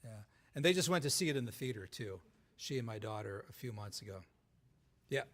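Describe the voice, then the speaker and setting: A man giving a live talk as a guest author to an audience, lively, with many restarts, often asking "right?". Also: mid-range voice, a little fast.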